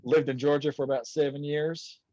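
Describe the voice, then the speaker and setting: A man's voice: a little high, little pitch movement, brisk, warm tone, no room sound. A man in his thirties chatting casually as a podcast guest, rambling with many restarts; English is not his first language. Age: 30s. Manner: rambling, frequent restarts and fillers. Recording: dull dry sound.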